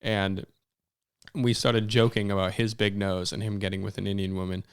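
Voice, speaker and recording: A man's voice: on the low side, flat delivery, normal speed, clear, resonant tone, no room sound, clean studio sound. A man hosting a podcast, chatting with blunt, teasing banter. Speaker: podcast host. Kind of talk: casual chat.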